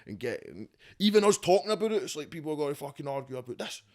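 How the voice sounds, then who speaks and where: A man's voice: fairly high pitch, big pitch swings, very fast, a little mellow. A man with a Scottish accent, a rapper talking as a podcast guest at home in a loose, rambling, swearing-heavy casual chat.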